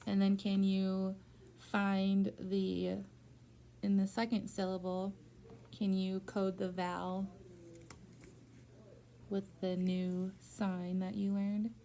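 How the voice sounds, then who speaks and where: A woman's voice: medium pitch, monotone, slow, creaky, long pauses, mellow, slight background noise. A woman teaching reading one-on-one, prompting a student step by step with patient encouragement. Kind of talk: one-on-one phonics tutoring.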